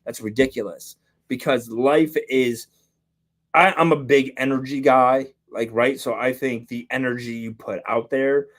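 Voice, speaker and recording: A man's voice: mid-range voice, fairly even intonation, unhurried. A man co-hosting a podcast, talking in a heated, rambling way with lots of filler words and swearing. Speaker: podcast co-host. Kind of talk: casual chat.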